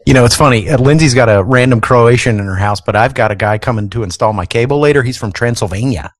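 A man's voice: medium pitch, fast talker, dry recording, studio quality. A man hosting a morning radio show, reading entertainment news in an easygoing way with many fillers.

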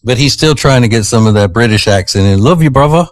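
Man, Southern accent, radio host, rambling casual chat, fairly low voice, dry studio sound. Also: fast, no echo. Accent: American Southern. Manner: rambling, easygoing, many fillers.

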